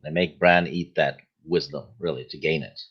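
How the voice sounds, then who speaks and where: A man appearing as a podcast guest, explaining his theory at a measured pace with many hesitations. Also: extremely low pitch, steady tone, breathy edge, lo-fi sound. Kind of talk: casual podcast discussion.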